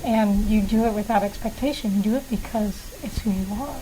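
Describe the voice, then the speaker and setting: A woman guest in casual conversation, chiming in and agreeing warmly. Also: medium pitch, fairly quick, slight background noise, low-quality recording.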